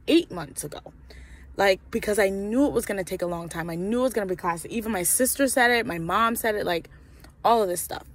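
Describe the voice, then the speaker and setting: A woman's voice: medium pitch, fairly bright tone. A young woman telling a frustrated, swear-laced storytime in a casual vlog, full of "like" and fillers. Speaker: vlogger.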